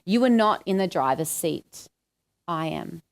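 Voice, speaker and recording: A woman's voice: fairly low pitch, lively intonation, a little slow. An Australian woman giving a conversational sermon, asking her listeners questions and acting out the lines she quotes. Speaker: preacher.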